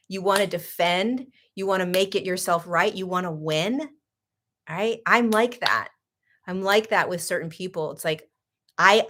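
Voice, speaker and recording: Woman host with a slightly low voice, chatty and animated, laughs as she talks. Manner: animated, laughing, swings between loud and hushed; frequent 'like' and restarts, sarcastic. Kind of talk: casual spiritual talk, personal storytelling.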